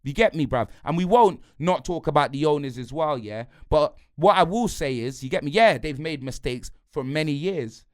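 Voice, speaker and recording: Fuming football fan. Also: male voice, fairly high pitch, expressive, normal speed, hardly any pauses, dry recording, clean studio sound. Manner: heated, slangy, repetitive, punctuates lines with "blood" and "fam". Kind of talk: angry football rant.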